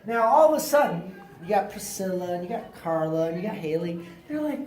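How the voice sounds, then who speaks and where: A male teacher giving an animated, slangy classroom lecture, acting out little scenes with his students. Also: high-pitched, a little fast. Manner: animated, slangy, acts out quotes. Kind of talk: classroom lecture with role-play. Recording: echoey classroom from far off.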